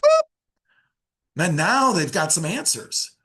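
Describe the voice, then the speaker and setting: Man, middle-aged, husky voice, slightly high pitch, energetic management trainer. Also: slow pace. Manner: energetic, acts out both sides of coaching talks. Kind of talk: leadership lesson to a live class.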